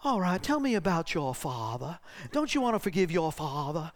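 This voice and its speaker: A man voicing a calm, motherly elderly woman who ministers in prayer. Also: fairly low pitch, moderate pace. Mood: calm coaxing. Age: 80s. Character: gentle elderly Southern belle prayer minister.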